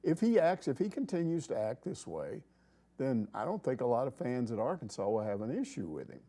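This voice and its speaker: Middle-aged male sports talk host, mellow low-key tone, opinionated and rambling. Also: big pitch swings, brisk. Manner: rambling, opinionated, acts out quoted people. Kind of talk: casual sports chat.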